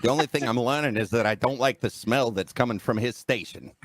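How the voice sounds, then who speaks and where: A man's voice: medium pitch, brisk. A man playing a tabletop game, trading snide taunts in character. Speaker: player.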